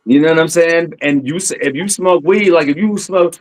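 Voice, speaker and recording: Relaxed man in casual chat. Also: on the high side, normal speed, rough recording. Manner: interjecting, relaxed and agreeable. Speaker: podcast co-host or guest.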